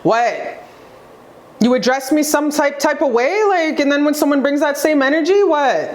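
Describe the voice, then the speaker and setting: A young woman with a somewhat high voice speaks straight to her viewers in a spiritual motivational vlog. She is forceful and preachy, and she drives her points home by repeating them. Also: normal speed. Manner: emphatic, preachy, repeats phrases for effect; forceful, says she talks aggressively. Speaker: vlogger.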